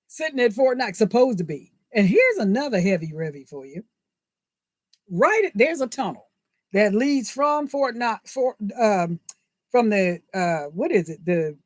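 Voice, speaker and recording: A woman's voice: a little high, no room sound, clean studio sound. A woman talking straight to her viewers in a casual, indignant vlog monologue, often laughing through her words and asking "right?". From United States. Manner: animated, indignant, laughs mid-sentence, asks rhetorical "right?". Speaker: vlogger, channel host.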